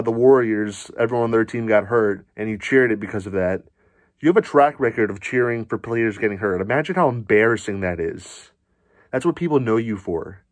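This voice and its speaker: A man's voice: medium pitch, no room sound. A man ranting angrily as a sports fan, furious, swearing and insulting. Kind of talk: angry profane rant.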